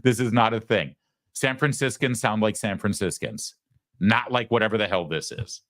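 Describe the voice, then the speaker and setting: A man's voice: on the low side, normal speed, fairly bright tone, no room sound, clean studio sound. A man hosting a political talk show, sarcastic and mocking as he comments. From United States. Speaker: host.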